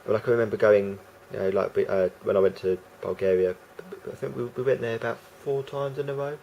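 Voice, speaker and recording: A man's voice: lowish voice, steady tone, fast, creaky, lo-fi sound, a little hiss or hum. A man rambling through a casual vlog monologue, hesitant and full of restarts and fillers. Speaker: vlogger.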